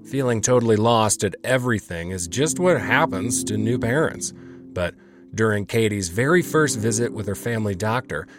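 A man's voice: on the low side, lively intonation, normal speed, music in the background. A man hosting a podcast, narrating in a wry, conversational way. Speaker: podcast host. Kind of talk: scripted narration and interviewing.

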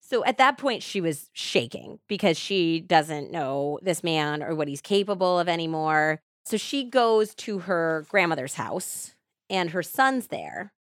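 A woman's voice: fairly low pitch, expressive, unhurried, no echo, studio quality. A woman hosting a podcast, casually retelling a true-crime case and peppering it with "like". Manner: chatty retelling with frequent "like". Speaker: podcast host.

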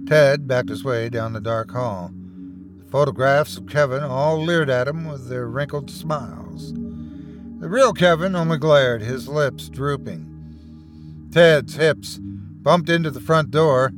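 A man's voice: medium pitch, a little slow, over music. A man hosting a horror podcast, reading a scary story aloud in a dramatic, suspenseful manner. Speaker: horror podcast host and narrator. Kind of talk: scripted horror story narration.

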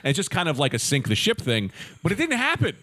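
A man co-hosting a comedy podcast, telling dark jokes in a deadpan way. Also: fairly high pitch, fast, dry recording. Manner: deadpan dark jokes, mock storytelling voices. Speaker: podcast co-host. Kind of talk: casual comedy podcast banter.

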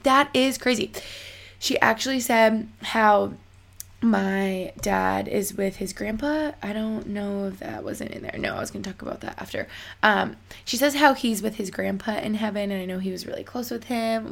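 Excitable rambling woman podcaster. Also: mid-range voice, gravelly. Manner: excitable, rambling, lots of likes. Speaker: podcast host. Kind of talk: casual chat.

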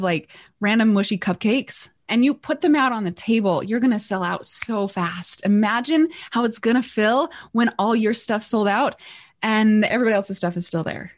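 A middle-aged woman, a podcast guest, telling stories with lots of energy, laughing often and acting out quotes. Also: a little high. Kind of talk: energetic interview storytelling.

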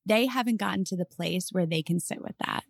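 A woman's voice: lowish voice, fairly quick, creaky, no room sound, studio quality. Earnest woman podcast co-host. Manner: earnest, reflective, explaining. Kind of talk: casual podcast chat.

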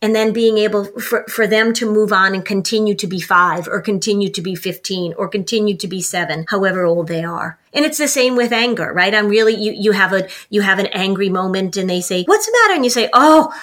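A woman's voice: medium pitch, steady tone, a little fast, few pauses, a bit bright. A woman co-hosting a parenting podcast, explaining at length and acting out what a parent and child might say. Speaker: parenting expert co-host. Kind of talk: casual podcast chat.

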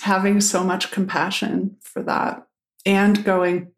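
A woman's voice: mid-range voice, little pitch movement, slow pace, echoey room. A woman pastor speaking as a guest, frank and reflective in a candid conversation, with the odd blunt swear word.

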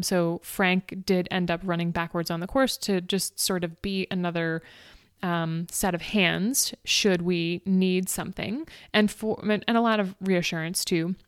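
A woman's voice: on the low side, clean tone, dry recording. A woman telling her own race story in a personal, chatty way, full of "like" and "um", close to tears at times. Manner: emotional, fighting back tears; frequent fillers like "like" and "um". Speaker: ultrarunner recounting a race.

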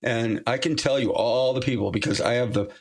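Male podcast guest, mid-pitched, loose rambling storyteller, lots of restarts and quick laughs. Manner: rambling, many restarts and fillers, laughs easily. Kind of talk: casual storytelling interview.

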